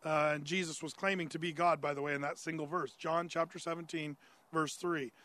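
Guy with a pretty high voice preaching, chatty bible teaching, lots of uhs and restarts. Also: fairly even intonation, brisk, bright, forceful tone, no echo. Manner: conversational, answers imagined listener questions; frequent "uh" fillers and restarts. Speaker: pastor. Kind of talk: expository Bible-teaching sermon.

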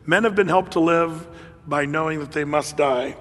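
High-voiced preacher in a reverberant hall. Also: male voice, normal speed. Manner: conversational, animated, with laughs and fillers. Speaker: pastor. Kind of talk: sermon.

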